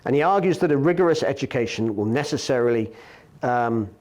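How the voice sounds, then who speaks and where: A man, an academic lecturer, giving a philosophy lecture in a measured, explanatory way, often pausing on fillers and correcting himself mid-sentence. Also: mid-range voice, expressive, darkish tone.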